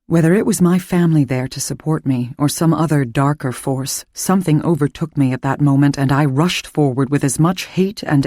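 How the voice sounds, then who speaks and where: Calm woman narrating an audiobook. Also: low voice, no room sound, studio quality. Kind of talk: first-person audiobook narration.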